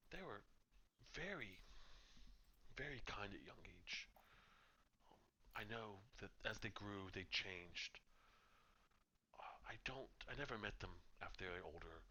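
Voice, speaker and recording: A man's voice: fairly low pitch, bright, forceful tone, slight background noise, full character voice. A man doing a rambling old storyteller. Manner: drawn-out, wandering, repeats yes yes.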